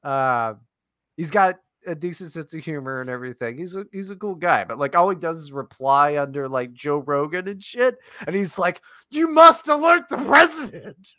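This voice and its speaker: A man co-hosting a podcast, chatting loosely with plenty of swearing and laughter. His voice sits fairly high and bright, and it swings widely in pitch. The recording is dry and close. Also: dry recording. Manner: rambling, profane, quick to laugh. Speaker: podcast co-host. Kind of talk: casual podcast banter.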